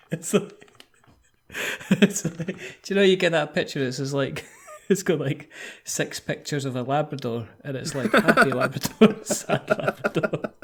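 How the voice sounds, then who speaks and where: A man's voice: on the high side, animated, measured pace. A man with a Scottish accent hosting a casual podcast chat, playful and teasing, laughing often. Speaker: podcast host.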